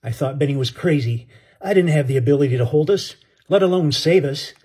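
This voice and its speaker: Husky-voiced male audiobook narrator. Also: a little high, a little fast, mellow.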